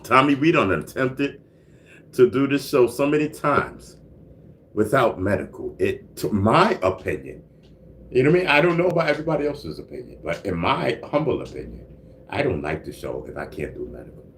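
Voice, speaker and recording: A man's voice: mid-range voice, big pitch swings, normal speed, fairly bright tone. Man, livestream host, laid-back rambling chat, faint background hiss. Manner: laid-back, repeats "you know what I mean", frequent laughs and coughs. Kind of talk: casual livestream chat reading out viewer comments. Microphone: single mic livestream.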